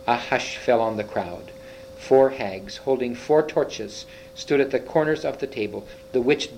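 Man slowly reading a storybook aloud. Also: medium pitch, a little hiss or hum, poor audio. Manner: slow, halting reading with small slips and restarts. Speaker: reader. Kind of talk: reading a children's fantasy book aloud.

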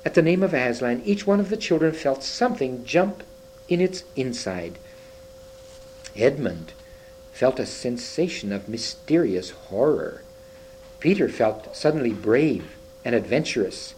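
A man reading a children's story aloud, expressive, with occasional slips and restarts. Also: mid-range voice, a little slow, a little hiss or hum, poor audio. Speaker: reader.

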